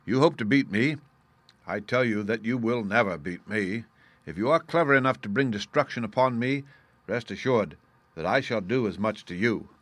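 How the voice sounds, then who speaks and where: An adult man voicing a soft-spoken, precise and menacing older criminal mastermind in an audiobook reading. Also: on the low side, expressive, normal speed, no room sound.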